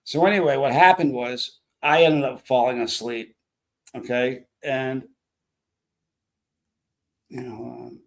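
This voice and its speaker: A man's voice: mid-range voice, fairly even intonation, slow pace, long pauses. A man hosting a live stream, rambling through stories and chatting with viewers. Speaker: livestream host. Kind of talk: casual live stream chat.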